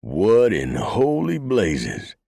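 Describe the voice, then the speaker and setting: A man's voice: extremely low pitch, unhurried, creaky, slightly rough, dry recording, clean studio sound, full character voice. A man voicing a hard-bitten frontier marshal who bellows in rage in a western audiobook. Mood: furious. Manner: bellowing and enraged.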